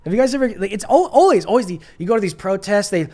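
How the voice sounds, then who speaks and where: He talks fast and expressively in a darkish voice, hosting a casual opinion stream as a young adult man. Mockery and sarcasm run throughout, along with plenty of fillers and high-voiced impressions of others.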